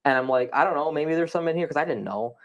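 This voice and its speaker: A young man, a podcast guest, telling a story in animated, fast casual conversation and swearing often. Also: fairly high pitch, lo-fi sound.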